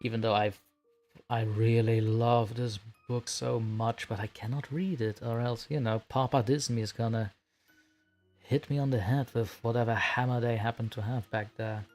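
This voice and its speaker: A man's voice: mid-range voice, steady tone, normal speed, darkish tone, faint music behind. Giggly, self-mocking male streamer. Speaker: streamer, horror story narrator. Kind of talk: casual live-stream chat.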